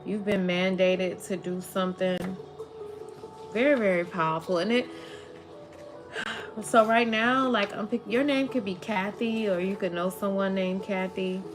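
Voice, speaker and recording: Woman tarot reader, slow and rambling, emotional delivery, faint music bed. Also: mid-range voice, steady tone. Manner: rambling, emotional, says "like" often. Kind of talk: spiritual tarot reading to viewers.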